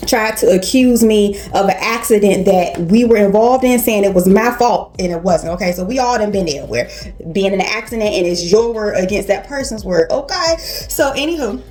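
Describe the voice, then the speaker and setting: A woman's voice: mid-range voice, normal speed, faint music behind. Chatty woman telling a storytime. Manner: chatty, slangy, animated retelling. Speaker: vlogger telling a personal story. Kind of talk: casual storytime.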